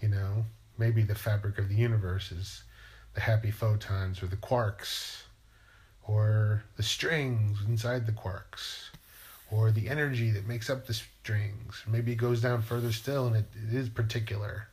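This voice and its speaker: A man's voice: lowish voice, fairly even intonation, unhurried, darkish tone. A man, a writer, musing playfully in a rambling monologue and asking himself questions aloud.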